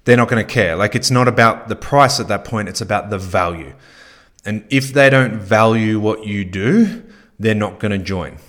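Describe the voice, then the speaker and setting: A man with a somewhat low voice talks through his podcast in a loose, conversational way. He circles back on phrases and fills gaps with easy verbal fillers, sounding like a coach chatting with his team. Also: normal speed, fairly bright tone. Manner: conversational, many fillers, repeats himself. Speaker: podcast host. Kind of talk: casual podcast coaching talk.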